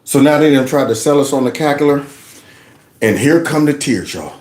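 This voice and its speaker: Lively mocking male commentator. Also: medium pitch, normal speed, reverberant. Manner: mocking, laughs loudly, lively storytelling. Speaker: commentary show host. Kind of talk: reaction commentary on news clips.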